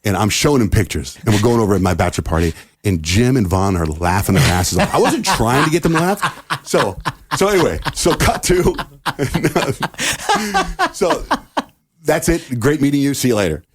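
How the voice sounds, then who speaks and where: A man's voice: medium pitch, normal speed, slightly rough. A middle-aged man from the United States, a radio host, telling a long story casually and acting out the people in it. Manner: animated storyteller acting out quoted dialogue. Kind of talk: casual storytelling in a podcast interview.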